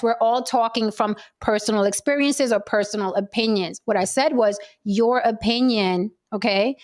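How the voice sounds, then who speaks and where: A young adult woman hosting a heated panel discussion, firm and steady as she talks over interruptions to keep control. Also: mid-range voice. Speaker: panel show host.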